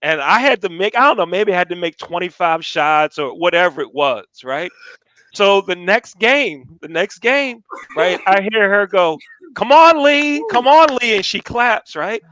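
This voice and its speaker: Animated high-voiced older man storyteller. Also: moderate pace, clear, resonant tone, dry recording. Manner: animated storyteller acting out quotes. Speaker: storyteller guest. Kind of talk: casual anecdote telling.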